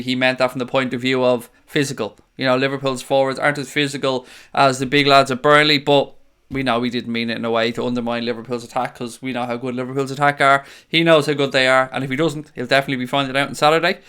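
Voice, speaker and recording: A young Irish man hosts a live fan stream, reading out viewers' comments as he chats in a casual, blunt and sweary way. His voice sits on the high side and sounds a bit bright and smooth.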